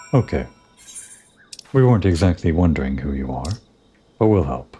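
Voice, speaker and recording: Low-voiced man musing over gameplay. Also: big pitch swings, normal speed, long pauses, mellow, breathy edge. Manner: rambling, musing asides. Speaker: gameplay commentator. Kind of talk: casual game commentary.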